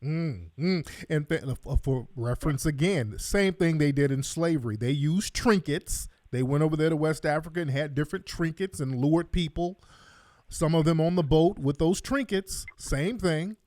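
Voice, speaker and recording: A man's voice: a little high, normal speed, darkish tone, no room sound, clean studio sound. A man hosting a radio interview who cuts in with pointed historical comparisons. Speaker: radio show host. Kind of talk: interview talk.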